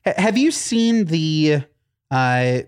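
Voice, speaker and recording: A man co-hosting a podcast, telling stories in casual chat, animated, with frequent fillers and restarts. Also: on the high side, slow pace, clean tone. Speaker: podcast co-host.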